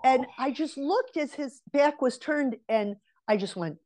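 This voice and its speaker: A woman's voice: sits high, expressive, unhurried, few pauses, a little mellow. A woman in her forties, a guest on an interview, telling a personal story and giving earnest advice straight to women listeners. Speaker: interview guest, relationship mentor. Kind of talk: casual conversational storytelling.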